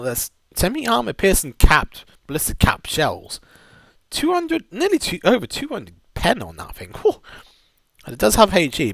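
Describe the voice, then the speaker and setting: A man's voice: on the high side, a bit bright, dry recording. A man giving a casual, rambling game buying guide, full of restarts and enthusiastic asides. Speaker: gaming video host.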